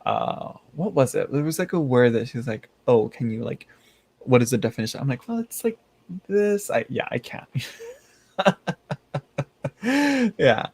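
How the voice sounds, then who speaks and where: A man's voice: mid-range voice, sing-song, unhurried, creaky, long pauses, slightly rough. A man hosting a casual livestream, chatting with his viewers in a rambling way, laughing often and restarting his sentences. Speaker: tarot channel host reading live chat.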